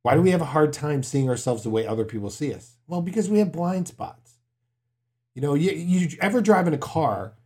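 A man in his forties preaching a sermon, earnest, mixing stories with quiet, emphatic points. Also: on the high side, expressive, brisk, husky. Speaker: pastor.

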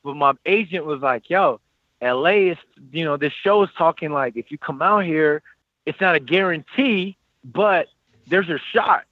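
Animated man telling a story, slightly high voice. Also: a little slow, no echo, phone-quality sound. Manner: animated, quotes people in lively voices. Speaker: guest telling his story. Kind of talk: casual storytelling.

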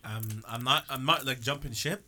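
A man's voice: mid-range voice, normal speed, bright, forceful tone. A man on a casual group podcast, rambling and hesitant, making jokes as he goes. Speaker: podcast co-host.

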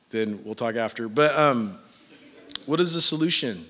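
A man's voice: medium pitch, normal speed, long pauses, bright, forceful tone, big-room sound. A man preaching a sermon in a church, casual and joking with his listeners between points. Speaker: pastor.

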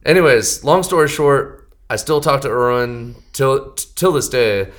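Rambling young male podcast guest, animated, swears a lot, middle-pitched. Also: unhurried. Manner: rambling, profane, animated storyteller. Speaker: podcast guest, band member. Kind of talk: casual storytelling.

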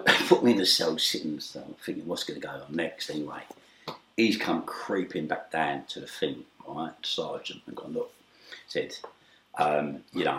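A low-voiced, middle-aged man tells a story in an interview, swearing freely and tagging lines with "right?". He jumps from loud acted-out shouts to hushed asides. The recording sounds roomy and echoey. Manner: streetwise, swearing, repeated "right?". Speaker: interview guest. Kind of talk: animated storytelling. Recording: echoey room.

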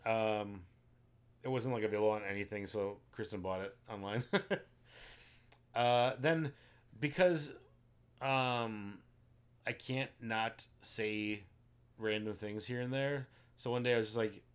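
A man with a lowish, clear, resonant voice co-hosts a casual podcast, keeping fairly even intonation, a measured pace, and frequent pauses. He talks movies, wandering through long plot retellings peppered with ums and likes.

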